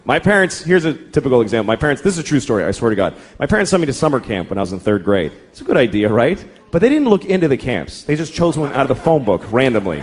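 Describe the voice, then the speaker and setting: A man's voice: mid-range voice, fast talker, few pauses, husky. A middle-aged man doing a stand-up comedy routine on a large theater stage, ranting with exasperation and lots of swearing. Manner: animated, exasperated ranting with profanity. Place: large theater stage before a live audience.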